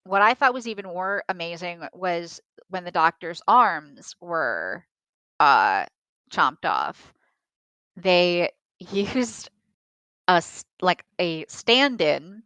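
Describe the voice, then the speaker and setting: A young woman co-hosting a podcast, talking in a measured, thoughtful way with some hesitant fillers. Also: on the low side, expressive, pushed and bright, smooth, no echo. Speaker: podcast co-host. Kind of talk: casual film discussion.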